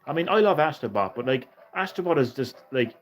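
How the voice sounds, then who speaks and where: A man's voice: fairly high pitch, expressive, fairly quick. A man streaming a retro game, chatting with viewers in a sweary, ranting way. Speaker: gaming streamer. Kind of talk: casual live-stream chat.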